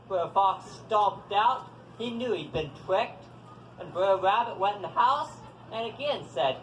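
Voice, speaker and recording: A man telling folktales live to an audience, animated and coaxing listeners to join in. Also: high voice, a little slow. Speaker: storyteller. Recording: echoey hall, faint background noise.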